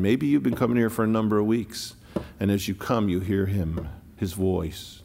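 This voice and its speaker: A man preaches with a low, gravelly voice that rings in a long church reverb. He climbs to loud declarations, then drops to hushed, slow, almost whispered phrases, leaning on single words. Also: steady tone, a little hiss or hum. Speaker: pastor. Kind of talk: sermon.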